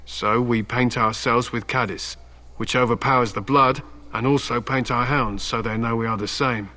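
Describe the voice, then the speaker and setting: Guy doing a proud stern warrior in a game, crisp bright tone, blunt and solemn, tells old legends like it's serious business. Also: medium pitch, steady tone, moderate pace, natural voice. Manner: solemn storytelling, blunt threats. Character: stern proud male warrior, hound handler. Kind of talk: video game dialogue.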